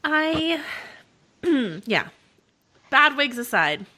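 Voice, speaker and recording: Chatty bright-voiced woman podcast host. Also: high-pitched, sing-song. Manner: chatty, quick, laughs often. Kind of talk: casual chat.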